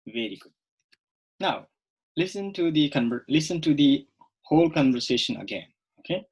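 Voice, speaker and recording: Husky-voiced man teaching an English lesson. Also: on the high side, very animated, darkish tone, low-quality recording. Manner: slow, repetitive, checks in with "okay?". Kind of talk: recorded online English lesson.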